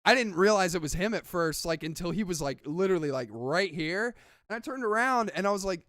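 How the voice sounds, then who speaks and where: Man, podcast co-host, casual chat, rambling, lots of filler words, cursing, fairly high voice. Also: expressive, fairly quick, fairly bright tone, no echo, clean studio sound. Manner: rambling storyteller, heavy filler words and swearing.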